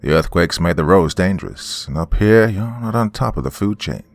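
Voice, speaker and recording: A man voicing a creepy stranger who talks in a slow drawl. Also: low voice, lively intonation, no echo. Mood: sly.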